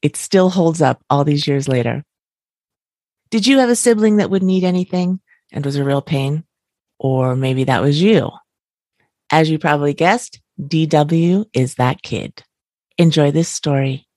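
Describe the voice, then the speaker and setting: A middle-aged woman, a mother of four, reading a children's story aloud in an expressive way. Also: deep voice, a little slow, no room sound, clean studio sound.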